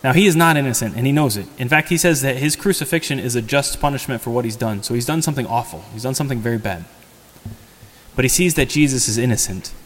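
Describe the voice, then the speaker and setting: Conversational priest in a reverberant church. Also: male voice, medium pitch, fast talker. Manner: conversational, asks the congregation rhetorical questions. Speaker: priest giving a homily. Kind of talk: sermon.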